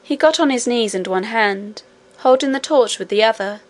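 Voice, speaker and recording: A woman narrating a children's fantasy novel aloud in a steady storybook manner. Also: fairly high pitch, moderate pace. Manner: steady storybook reading, voicing each character. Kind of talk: audiobook narration.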